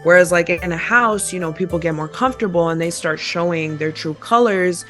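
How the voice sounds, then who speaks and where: A woman's voice: on the low side, a little fast, faint music behind. A young woman, a podcast guest, reflectively telling her life story in casual chat.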